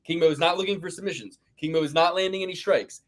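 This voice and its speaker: A man's voice: fairly high pitch, quick pace. A man co-hosting a fight-picks podcast, talking in a rambling, emphatic way and swearing freely. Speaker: podcast co-host. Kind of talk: casual fight-picks chat.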